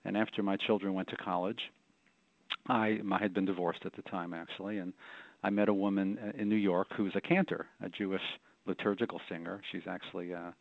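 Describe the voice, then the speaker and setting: Man, middle-aged, very deep, gravelly, reflective storyteller, repeats words, tinny phone line. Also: level tone, a little fast, dry recording. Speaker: rabbi and author, interview guest. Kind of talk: storytelling in a radio interview.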